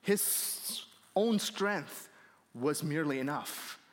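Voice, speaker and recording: A man's voice: on the high side, expressive, takes it slowly. A male pastor delivering a sermon, earnest and building up to emphatic points, recorded in a church. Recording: long reverb of a hall.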